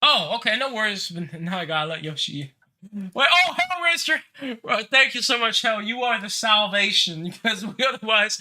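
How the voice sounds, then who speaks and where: A man's voice: extremely high pitch, pushed and bright. A man hosting a live online Q&A in a brash, joking way, swearing casually as he talks. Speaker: host of a live Q&A.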